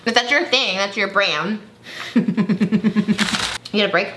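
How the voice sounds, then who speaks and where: A woman's voice: medium pitch, slow pace, noisy background. A woman hosting a mukbang at home, giggly and gushing as she chats over food. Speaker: host. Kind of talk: casual mukbang chat. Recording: roomy echo.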